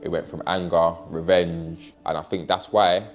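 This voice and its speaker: A man with a London accent telling his story in an interview, animated and slangy, swearing freely. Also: deep voice, moderate pace. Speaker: interviewee, knife crime campaigner. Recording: music playing under the voice. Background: music.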